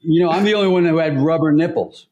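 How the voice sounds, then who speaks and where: A man chatting as a podcast guest, telling animated stories and laughing often. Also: fairly high pitch, quick pace, dull audio. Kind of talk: casual podcast chat.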